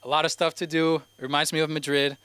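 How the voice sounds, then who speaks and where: A man's voice: on the high side, flat delivery, fast, a bit bright. A young man from Spain with a slight Spanish accent, doing his first stand-up set at an open mic, rambling and hesitant with many fillers. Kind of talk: stand-up comedy. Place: comedy club stage.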